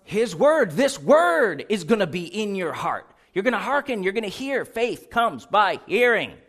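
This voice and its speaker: Animated preacher man with lively pitch. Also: normal speed. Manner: animated, asks the congregation questions and reads scripture aloud. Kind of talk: sermon.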